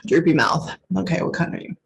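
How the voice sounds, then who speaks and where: A woman's voice: low voice, moderate pace, creaky, a little hiss or hum. A woman working as a psychic medium in a casual reading, emotional and swearing freely, often stopping to say hold on. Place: lives in Texas.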